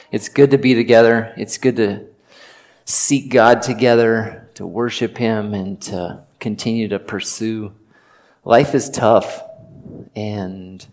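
A man's voice: on the low side, a little mellow. A middle-aged man preaching a sermon, telling personal stories in an earnest, conversational way with occasional joking asides. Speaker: pastor.

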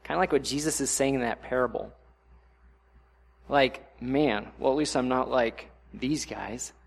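A young adult man preaching a sermon in a conversational way, often acting out inner voices in sudden louder bursts. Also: mid-range voice, measured pace, gravelly. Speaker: pastor.

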